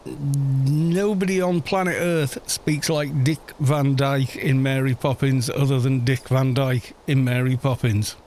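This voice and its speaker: A man's voice: medium pitch, fairly even intonation, measured pace, few pauses, a little mellow, a little hiss or hum. A man hosting a gaming channel, chatting wryly and rambling through asides while he plays an online game. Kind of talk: casual commentary while playing an online game.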